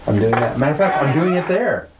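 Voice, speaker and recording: A man's voice: on the high side, lively intonation, quick pace, over a noisy crowd, low-quality recording. A man co-hosting a podcast in casual chat, rambling and self-deprecating as he tells his stories. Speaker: podcast co-host.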